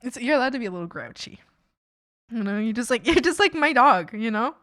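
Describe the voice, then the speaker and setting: A woman streaming while she works on art, telling stories in a casual, animated way, acting out quotes and laughing often. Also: a little high, brisk, dry recording, studio quality. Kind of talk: casual chat while drawing.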